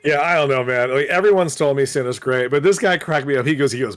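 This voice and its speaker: Podcast dude telling shop stories, voice bouncing all over, swears a lot. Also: male voice, mid-range voice, brisk. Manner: animated, swearing, quotes customers in voices. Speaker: podcast co-host, comic shop worker. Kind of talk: casual storytelling chat.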